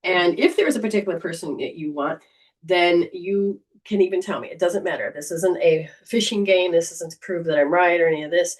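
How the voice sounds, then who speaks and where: A woman's voice: fairly low pitch, a little fast, far from the mic. A woman hosting a casual livestream as a psychic reader, talking in a chatty, rambling way. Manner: chatty, rambling, warm storytelling.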